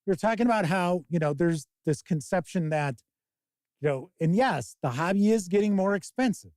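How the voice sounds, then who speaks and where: Man, stream host, a bit high-pitched, dry, rambling casual talk, profane asides. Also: normal speed, no room sound. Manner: rambling, profane, animated mock quotes.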